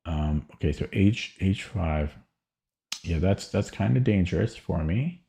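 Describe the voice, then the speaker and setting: A man's voice: low-pitched, lively intonation, unhurried, gravelly, mellow. A man streaming a chess game, thinking aloud hesitantly and often stammering or repeating words. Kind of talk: live-stream chess commentary.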